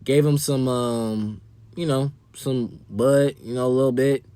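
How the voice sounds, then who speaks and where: A man's voice: mid-range voice, steady tone, measured pace, mellow, smooth, no room sound. A young man telling a wild party story in a casual, slangy and profane way. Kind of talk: storytime vlog.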